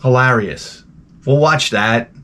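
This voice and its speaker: This man hosts a loose, profane talk show, wandering through crude rants and frequently putting on mocking voices. His mid-range voice is slow with a sharp tone.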